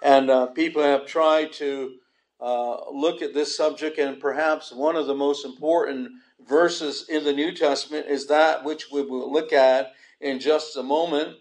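A man's voice: fairly high pitch, fairly even intonation, measured pace, darkish tone. A man preaching a sermon, telling folksy joke stories and acting out the characters' lines. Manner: folksy storytelling, voices the characters in jokes. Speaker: pastor. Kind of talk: sermon with humorous anecdotes.

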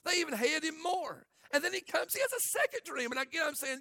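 A man preaching a sermon in an animated way, acting out the people in his story in different voices. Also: very high-pitched, quick pace, few pauses, no echo, clean studio sound. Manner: animated, acts out quotes in varied voices. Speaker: pastor.

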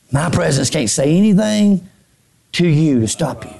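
Raspy, gravelly preacher swinging high and low. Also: male voice, lively intonation, a little slow, long pauses. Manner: preaches in bursts, swinging from shouts to hushed low tones; repeats phrases, stammers on restarts. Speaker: pastor. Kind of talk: sermon. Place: church pulpit.

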